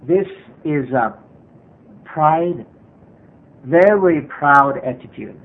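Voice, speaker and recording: A man's voice: a little high, animated, very slow. A man preaching a sermon as pastor, earnest and repetitive, with frequent hesitations. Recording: tinny phone-like sermon recording.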